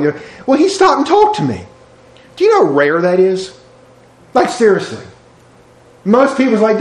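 A man's voice: sits high, reverberant, rough recording. A man preaching a sermon in a folksy, digressive way, telling everyday stories between Bible verses. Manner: folksy, digressive storytelling with y'all and ain't. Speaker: pastor.

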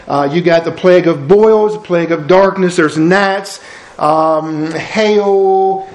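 A male pastor preaching a sermon, chatty and full of rhetorical questions. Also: high-pitched. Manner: conversational, rhetorical questions, storytelling. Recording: roomy echo.

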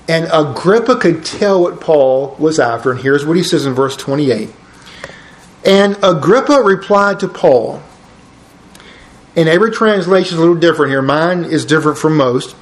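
A man teaching a Bible study lesson in an animated, conversational way with jokey asides. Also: fairly high pitch, moderate pace, reverberant.

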